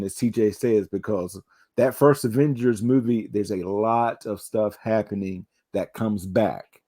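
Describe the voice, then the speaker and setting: A man's voice: on the low side, steady tone, takes it slowly, dark tone. A man co-hosting a podcast in casual chat, with a wry, self-deprecating humor. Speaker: podcast co-host.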